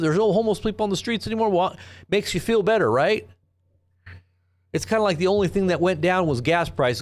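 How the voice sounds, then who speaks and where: A man hosting a live commentary stream, talking in a rambling, sarcastic way with frequent restarts and rhetorical questions. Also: on the high side. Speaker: host of a live news commentary channel.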